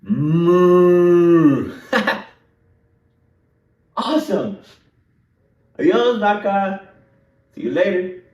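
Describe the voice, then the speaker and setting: A man hosting a playful kids' lesson, his pitch leaping all over in a singsong, animated way. He speaks slowly and deliberately for little listeners. The voice sits back from the mic in an echoey room. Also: recorded from a distance, dull audio. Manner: animated, singsong, talks straight to young kids. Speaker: children's language teacher.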